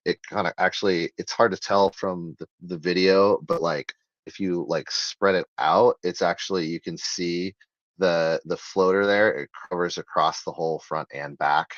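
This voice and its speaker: Very deep-voiced man, rambling. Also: fairly even intonation, normal speed, no room sound. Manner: rambling, many fillers and restarts. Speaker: author guest. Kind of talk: casual interview talk. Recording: slightly dull, lo-fi sound.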